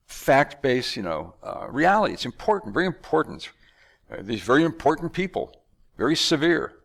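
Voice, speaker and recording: A man from the United States talking in a conversational monologue, animated and acting out announcers and magicians. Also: medium pitch, creaky. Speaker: speaker.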